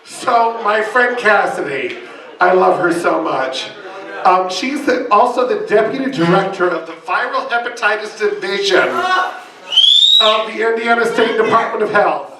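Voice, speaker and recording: A man performing as a drag queen in a live roast, delivering bawdy insults with shouted punchlines. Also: high voice, expressive, measured pace, heavy background noise. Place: bar function room with live audience. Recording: echoey room, mic from a distance, loud crowd.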